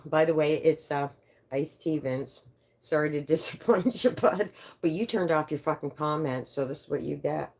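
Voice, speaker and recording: A woman in her fifties hosting a livestream, chatting with viewers in an animated way, swearing freely and reading out their comments. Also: sits low. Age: 50s. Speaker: livestream host. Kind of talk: casual livestream chat with viewers.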